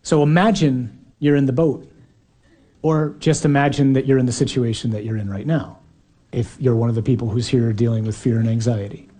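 A man's voice: medium pitch, fairly even intonation, fairly quick, dark tone. A man preaching a sermon in an earnest, emphatic way, sometimes acting out quoted voices.

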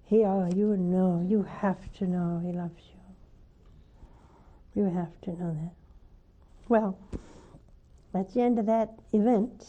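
An older woman, a nun hosting a call-in show, preaching fervently and coaxing callers, her voice often rising to high emphatic peaks. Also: steady tone, slow, pauses often, highs cut off.

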